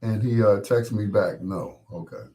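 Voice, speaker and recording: This live stream host is a middle-aged man with a low-pitched, darkish voice and an unhurried delivery. Not fully recovered from losing his voice while sick, he chats casually with viewers, rambling and joking as he addresses them directly.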